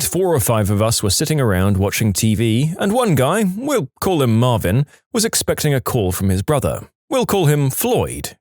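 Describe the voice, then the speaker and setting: A man narrating reddit stories in an expressive, scripted way. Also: mid-range voice, dry recording, studio quality.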